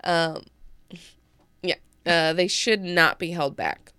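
Woman co-host with a lowish, fry-heavy voice, rambling and self-interrupting as she reads. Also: unhurried, pushed and bright, no room sound, studio quality. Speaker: podcast host. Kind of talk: casual chat, reading an article aloud.

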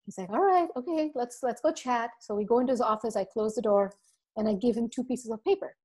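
A woman podcast guest telling an animated story, acting out quotes and laughing often. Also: a little high, fast, husky. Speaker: podcast guest, marketing speaker.

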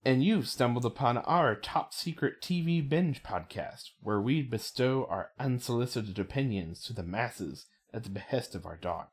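A woman's voice: a bass voice, animated, normal speed, few pauses, husky. A woman co-hosting a casual podcast, chatty and agreeable, laughing easily. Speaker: podcast co-host. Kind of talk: casual chat.

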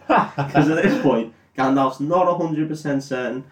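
Sweary podcast host, roomy echo. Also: male voice, on the high side, measured pace. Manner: laughing, sweary, rambling. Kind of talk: comic plot retelling.

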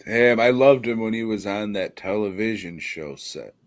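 A man's voice: lowish voice, expressive, moderate pace. A man co-hosting a casual podcast, throwing in short wry quips and laughing often. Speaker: podcast co-host. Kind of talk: casual comedic chat.

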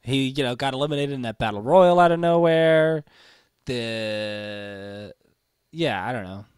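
A man's voice: medium pitch, a little slow, darkish tone, smooth, no echo, clean studio sound. A man co-hosting a casual chat show, easygoing and playful. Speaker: podcast co-host.

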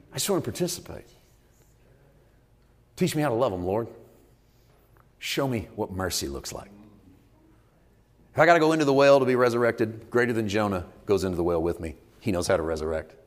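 A man preaching a sermon to a congregation that answers him, moving from calm storytelling to loud, emphatic climaxes. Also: on the low side, brisk, long pauses. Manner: preaching with congregation call and response. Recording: long reverb of a large hall.

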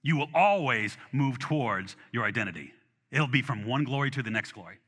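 Animated male pastor in a reverberant hall. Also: mid-range voice, brisk, slightly rough. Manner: animated and conversational, with restarts and acted asides. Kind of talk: sermon.

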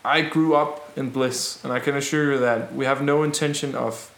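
A man voices a male rebel leader in a tabletop game, calmly addressing frightened townsfolk slowly and deliberately, his words coming through clearly. His mid-range voice is lightly acted, earnest and reassuring, in an echoey room.

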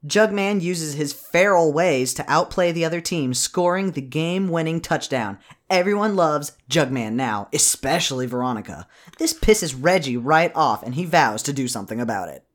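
A man co-hosting a podcast, recapping a movie in rambling, profane casual chat. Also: fairly high pitch. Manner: rambling, profane, animated, quick bursts.

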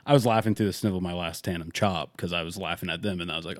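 A young man who works as a tandem skydiving instructor, chatting casually in a relaxed, halting way and laughing easily. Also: low-pitched, no echo, studio quality. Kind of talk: casual podcast chat.

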